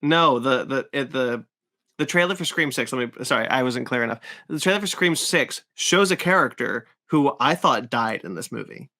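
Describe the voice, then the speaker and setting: Podcast co-host, man, lively and self-mocking, bright tone. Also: mid-range voice, normal speed. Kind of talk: casual chat.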